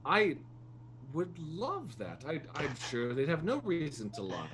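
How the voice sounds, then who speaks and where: A man voicing a sly, fawning ship crew member who schemes while flattering his captain. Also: on the high side, a little slow, slight background noise, exaggerated voice.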